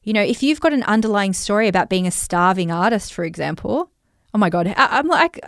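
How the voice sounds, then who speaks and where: A woman's voice: medium pitch, very animated, quick pace, dry recording, studio quality. An Australian woman coaching listeners on money in a chatty, reflective way, with many fillers. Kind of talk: talking straight to listeners.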